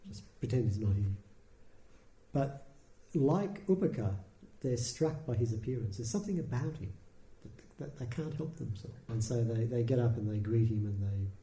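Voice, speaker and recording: Mellow-voiced man telling a dharma story. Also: mid-range voice, normal speed. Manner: storytelling, relaxed and conversational with dry humour. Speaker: dharma teacher. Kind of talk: Buddhist dharma talk. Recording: roomy echo.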